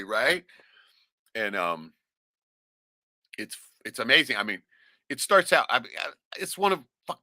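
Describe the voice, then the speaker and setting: A man's voice: medium pitch, pushed and bright, no room sound. A middle-aged man from Alaska telling a rambling, profane story in casual talk, laughing often and tagging lines with "right?". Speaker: vlogger.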